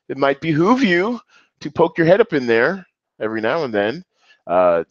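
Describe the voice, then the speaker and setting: A man talks through a solo podcast in a casual, self-deprecating way, stumbling over restarts and fillers. His voice sits a little low. The recording is dry and slightly dull, like a home setup. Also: no room sound. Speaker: podcast host.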